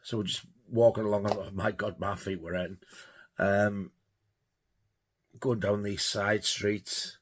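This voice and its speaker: A man's voice: sits low, breathy edge. A man telling a rambling, laughing anecdote on his vlog, swearing freely. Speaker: vlogger.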